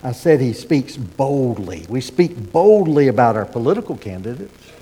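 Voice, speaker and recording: A middle-aged man preaching a sermon as pastor, folksy and animated with asides and repeated starts. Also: medium pitch, normal speed, breathy edge. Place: church sanctuary. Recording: sermon in a hall with long reverb.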